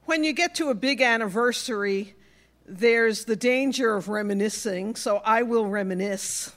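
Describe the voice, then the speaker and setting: A woman's voice: a little high, moderate pace, a bit bright. A woman pastor from New York, with a New York accent, preaching a sermon in a personal storytelling way.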